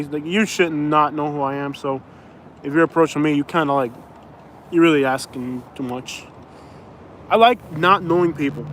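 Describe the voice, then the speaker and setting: A man from Florida hosting a casual livestream outdoors, rambling and chatting with viewers. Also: a little high. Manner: rambling, chatty, reads viewer comments aloud. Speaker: livestream host. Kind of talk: casual live chat. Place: outdoors in a suburb. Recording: faint outdoor traffic noise.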